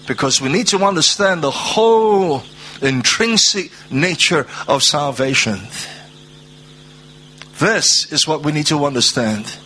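Bright-voiced man preaching a sermon. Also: a little hiss or hum. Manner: rises to high, drawn-out proclaiming; slow, measured scripture reading.

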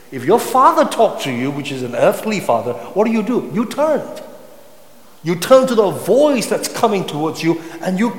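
A man preaching a sermon with passion, sometimes rising to loud cries. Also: high voice. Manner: impassioned, rising to shouts when voicing psalm cries. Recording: echoey hall with long reverb.

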